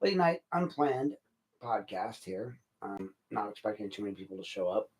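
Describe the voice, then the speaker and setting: A middle-aged man talks straight to his listeners in an unplanned late-night podcast, blunt and worked up. His voice sits fairly low. He rants about what bothers him without holding back. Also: lively intonation, normal speed, low-quality recording. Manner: blunt, ranting, frustrated. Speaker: podcast host. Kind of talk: unscripted late-night monologue.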